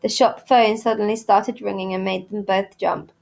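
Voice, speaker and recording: A woman reading a children's novel aloud in clear, steady storytelling. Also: mid-range voice, moderate pace. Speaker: reader at a school.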